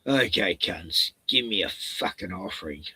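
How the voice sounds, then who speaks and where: A man putting on a gruff, profane, demanding male God, blunt and dismissive. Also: deep voice, animated, unhurried, bright, forceful tone, no room sound, pitched below the performer's own voice, full character voice.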